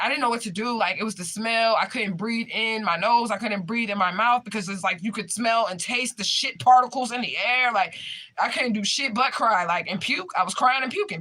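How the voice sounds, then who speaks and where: A young adult woman, a spiritual medium on stream, casually tells viewers a story with emphasis and profanity. Her voice is fairly high, expressive and sharp, and her pace is brisk.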